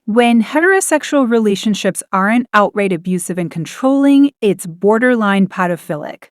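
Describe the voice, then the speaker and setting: Dry, measured female voice-over narrator. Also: mid-range voice, lively intonation, dry recording. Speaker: narrator of a compilation.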